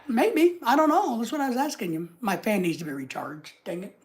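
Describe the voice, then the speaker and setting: A man's voice: very high-pitched, big pitch swings, moderate pace, darkish tone. An American man hosting a livestream, chatting casually and reading out and greeting viewer comments from his home desk. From United States. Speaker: livestream host. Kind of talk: casual live chat.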